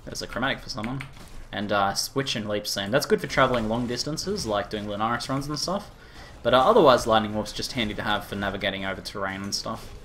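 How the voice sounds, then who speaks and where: A man with an Australian accent chatting casually with viewers during a live game stream, rambling with lots of fillers and quick laughs. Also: lowish voice, a bit bright, slight background noise. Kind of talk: casual live-stream chat while gaming.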